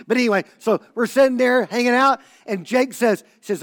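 A man preaching a sermon as pastor, telling a story and acting out the dialogue, swinging from loud bursts to hushed tones. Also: very high voice, normal speed, few pauses.

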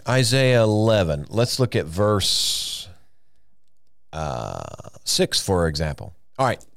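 A man's voice: fairly low pitch, no echo. A man teaching the Bible in a podcast, earnest and emphatic, with frequent fillers and restarts as he works through passages.

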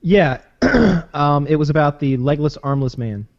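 A man's voice: fairly high pitch, lively intonation, a little slow, vocal fry, highs cut off. A man co-hosting a casual podcast, teasing and playful with crude jokes. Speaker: podcast co-host.

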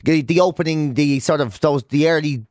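A high-pitched Irish man chatting on a breakfast radio show, recorded close and dry in the studio. He tells stories with a joking edge and keeps breaking into silly put-on voices. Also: normal speed, a little mellow, no room sound. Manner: jokey storyteller, breaks into mock accents and laughs. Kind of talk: casual breakfast radio banter.

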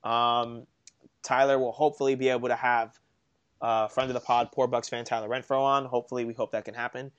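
Smooth-voiced young man co-hosting a podcast. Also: medium pitch, brisk, lo-fi sound. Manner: animated, storytelling, self-mocking. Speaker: podcast co-host. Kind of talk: casual sports podcast chat.

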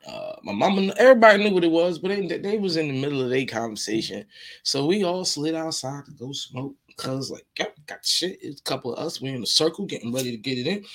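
A man hosting a podcast, telling funny stories in a casual, animated, slangy way and repeating phrases for effect. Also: a little high, quick pace. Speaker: podcast host. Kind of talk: casual comedic storytelling.

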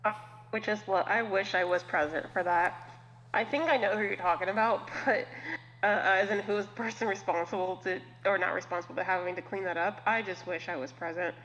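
A woman co-hosting a podcast, chatting casually and reacting with quick comments and laughter. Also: medium pitch, fairly even intonation, fairly bright tone, slight background noise. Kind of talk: casual chat. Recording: dull, reverberant and distant.

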